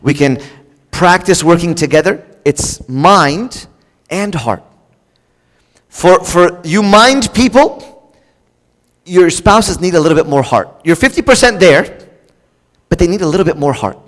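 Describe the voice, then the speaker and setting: A man's voice: sits high, expressive, measured pace, long pauses, a bit bright. A man giving a conversational, joking sermon, speaking straight to the congregation with casual fillers and restarts. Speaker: preacher. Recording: long reverb of a large hall.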